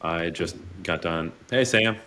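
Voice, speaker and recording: A man's voice: sits low, takes it slowly, pushed and bright, clear, resonant tone. A man co-hosting a podcast, telling rambling stories in casual chat and using lots of fillers. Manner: rambling storyteller, says like a lot. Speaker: podcast co-host. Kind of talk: casual anecdotes.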